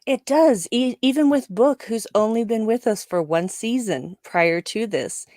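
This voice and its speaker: A woman's voice: a little high, a little slow, darkish tone, no room sound, clean studio sound. A woman co-hosting a live discussion show who speaks emphatically and opinionatedly, laughing often. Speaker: podcast co-host.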